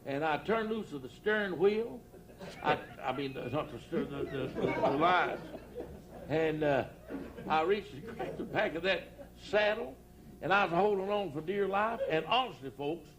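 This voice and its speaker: A man's voice: on the high side, animated, moderate pace, fairly bright tone, a faint crowd. An older man, a country preacher telling rambling comic stories to a live audience and laughing at his own jokes. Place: outdoor church campground before a live audience.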